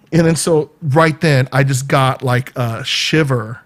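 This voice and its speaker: A man's voice: mid-range voice, a little slow. A man from California, telling a story in a casual vlog, laughing often and acting out what people said. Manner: animated, laughs often, acts out quoted dialogue. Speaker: vlogger.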